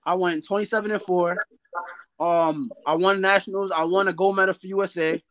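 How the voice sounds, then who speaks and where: Young high-voiced man, casual boxer talk. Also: brisk, poor audio. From New York. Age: young adult. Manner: relaxed, rambling, fillers like "you feel me". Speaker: boxer guest. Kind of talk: casual interview chat.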